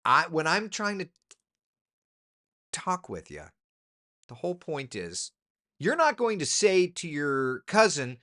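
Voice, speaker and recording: A man's voice: sing-song, slow, pauses often, bright, forceful tone. A man hosting a casual live chat as a meteorologist, reading viewer comments and giving opinions. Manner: pitch swings up sharply when making a point.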